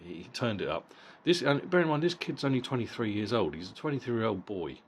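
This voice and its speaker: A man's voice: fairly low pitch, sing-song, brisk, slight background noise. A middle-aged man giving a casual, blunt boxing fight review, swearing freely and often repeating words as he goes. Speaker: boxing vlogger.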